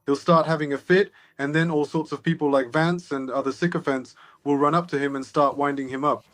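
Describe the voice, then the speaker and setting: A man's voice: fairly high pitch, steady tone, a little fast, fairly bright tone, no room sound. Sardonic male political commentator. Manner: sardonic, expansive storytelling. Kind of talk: interview analysis.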